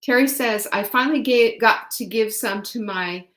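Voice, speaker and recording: A woman's voice: on the high side, moderate pace, fairly bright tone, roomy sound. A woman hosting a live-stream product sale, gushing and chatty as she talks straight to her viewers. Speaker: live sales host.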